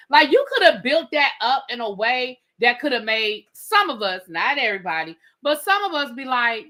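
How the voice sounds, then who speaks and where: A woman's voice: high-pitched, very animated, normal speed, hardly any pauses, bright, forceful tone. A woman hosting a live rant-and-review of a reality show, talking emphatically, repeating her points and swearing freely.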